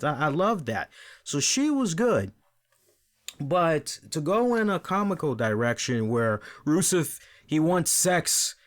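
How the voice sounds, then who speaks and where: A man's voice: a little high, a bit bright. A man hosting a wrestling review show, talking casually and with animation, often repeating words and asking "right?".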